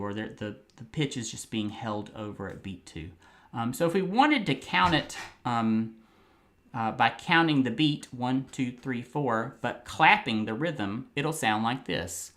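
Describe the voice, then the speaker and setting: A man's voice: medium pitch, a bit bright. A man teaching a piano lesson, patiently explaining rhythm and counting beats aloud while he plays. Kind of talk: music lesson. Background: faint piano playing.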